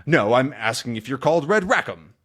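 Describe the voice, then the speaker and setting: A gruff, irritable sea captain played by a man reading a comic aloud snaps out his lines bluntly and impatiently. His pitch moves around a lot as he reads. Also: big pitch swings, fairly quick, a bit bright.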